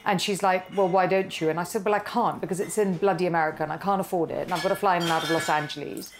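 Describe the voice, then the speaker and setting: A woman's voice: lowish voice, rapid-fire, background noise. A middle-aged woman, a company founder, telling her story in an interview and acting out the voices of the people in it. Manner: animated, acts out quoted dialogue.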